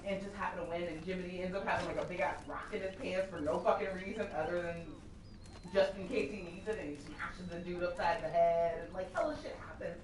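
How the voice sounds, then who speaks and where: A woman rambles through a story for her friends, swearing freely and breaking into laughter. Her voice sits a little low. She is picked up from a distance in a strongly echoing room with clear background noise. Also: steady tone, fast. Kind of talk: casual chat, retelling a story. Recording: roomy, distant and noisy.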